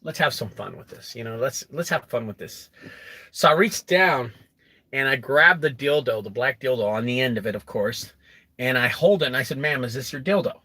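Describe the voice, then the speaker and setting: A young adult man who runs a junk removal business, telling a story to camera in an animated way and acting out quotes. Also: moderate pace, no room sound. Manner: animated, acts out quotes with rising pitch.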